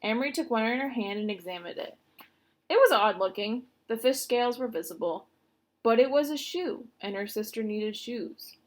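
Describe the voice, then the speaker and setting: A woman reading a children's novel aloud with expressive narration. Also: on the high side, normal speed. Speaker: reader. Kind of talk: storybook read-aloud.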